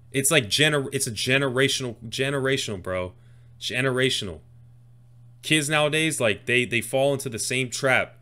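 A man reacting to a rap freestyle, his voice bright and forceful as he explains each line. He talks in a loose, casual way and gets excited as he unpacks the wordplay. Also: medium pitch, a little slow, long pauses. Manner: excitable, breaks down lyrics line by line. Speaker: music reaction host.

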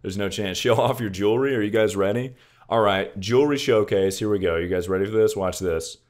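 With a very deep, darkish voice and a brisk pace, a young man runs a casual livestream. He keeps things laid-back and jokey, swearing freely while calling his viewers "dude" and "brother."

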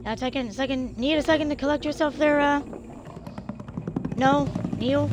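Excitable swearing woman streamer, lively pitch. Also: moderate pace, over loud music. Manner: frustrated, swearing, talking to the game. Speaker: gaming streamer. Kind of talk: live gameplay commentary. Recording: noisy background.

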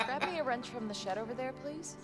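A woman's voice: high voice, fast talker, close to an everyday voice. A woman voicing a polite video game wife who asks for help around the house. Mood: friendly. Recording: roomy sound with loud game music.

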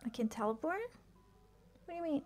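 A woman streaming a game live, chatting excitedly and swearing, sick with a headache. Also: high-pitched, fairly quick, faint music behind. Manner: excitable, swears often, laughs, trails off. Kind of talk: live gameplay commentary.

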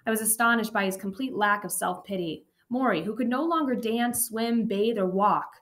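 A woman reading a first-person memoir aloud as an audiobook narrator, steady and even. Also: mid-range voice, moderate pace.

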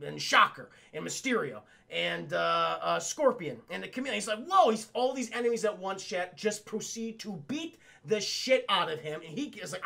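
A man recapping a cartoon episode for a live chat in a casual, profane, excitable way, laughing often. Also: high-pitched, creaky. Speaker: cartoon reviewer streaming to chat.

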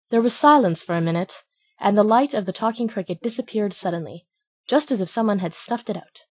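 Husky woman reading a storybook aloud. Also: medium pitch, brisk. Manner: steady, expressive reading. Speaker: audiobook reader. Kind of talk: storybook narration.

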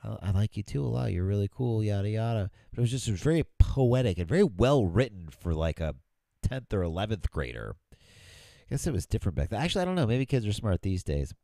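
Man, very low voice, swings up and down a lot, casual swearing storyteller, dry close mic. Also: sing-song, fast, creaky, warm tone, no room sound. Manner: rambling storyteller, swears freely. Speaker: podcast co-host. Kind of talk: casual chat.

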